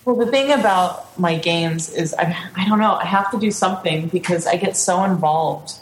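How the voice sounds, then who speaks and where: A woman's voice: on the low side, normal speed. Bubbly woman in an echoey room. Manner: bubbly, animated, laughs often. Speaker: guest, game master. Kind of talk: casual interview chat. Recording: roomy echo, faint noise.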